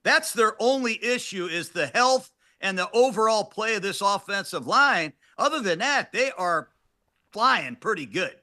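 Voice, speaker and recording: Male coach co-host, bright forceful delivery, clipped analysis. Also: high-pitched, expressive, a little slow. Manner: emphatic, clipped, coach-like breakdowns. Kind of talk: football analysis on a talk show.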